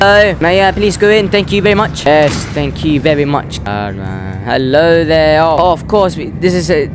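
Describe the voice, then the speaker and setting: A young-sounding man plays through a horror game, cursing and jumping at every scare. His voice sits high, and he talks back to the characters on screen. Faint music plays under him. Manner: jittery, swearing, talking back to game characters. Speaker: gaming channel host. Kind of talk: horror game playthrough commentary.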